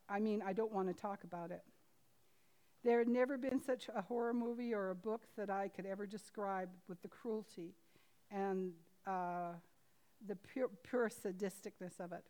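A woman preaches a sermon and reads a story aloud from a book at a medium pitch. Earnest and halting, she restarts often and swings between loud emphasis and a hushed near-whisper.

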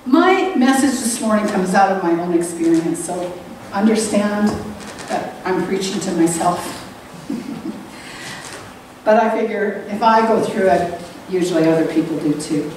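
A woman preaching a sermon in earnest. She speaks reflectively and rises high when she stresses a point. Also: unhurried, long pauses, darkish tone. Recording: roomy echo, distant mic, faint hiss.

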